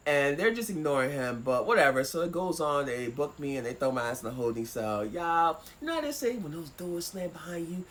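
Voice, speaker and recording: A woman vlogger telling a personal story in a casual, animated way, swearing freely. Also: sits low, a little fast, hardly any pauses, a little hiss or hum. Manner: animated, profane, acts out voices.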